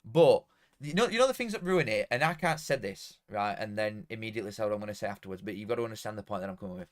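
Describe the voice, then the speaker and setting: A man's voice: fairly low pitch, very fast. A young man with a Yorkshire accent chatting casually and swearing freely while he hosts a live football watchalong from home. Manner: excitable, swears freely, bursts into shouting at goals. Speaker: streamer hosting a football watchalong. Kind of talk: casual live stream commentary.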